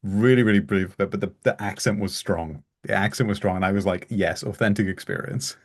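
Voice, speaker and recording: A man chatting on a group video call, talking quickly and repeating words. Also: lowish voice. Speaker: call participant. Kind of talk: casual video call chat.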